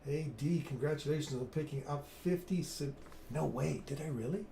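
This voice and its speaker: A man's voice: on the high side, moderate pace, vocal fry, warm tone, echoey room, slight background noise. A man in his fifties hosting a live trading stream, chatting in an upbeat way and reading viewer comments aloud. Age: 50s. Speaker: trading livestream host.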